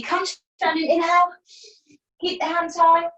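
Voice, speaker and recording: A woman teaching a yoga class from home over a video call, giving calm breath cues with playful asides. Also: fairly high pitch, unhurried, lo-fi sound. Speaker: yoga instructor. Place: at home, partner downstairs. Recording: roomy, distant from the mic.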